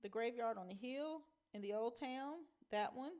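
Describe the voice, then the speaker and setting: A woman's voice: on the high side, normal speed, darkish tone, voice pushed up, lightly acted. A woman reading a novel aloud, voicing a protective mother who speaks in a clipped, cold way.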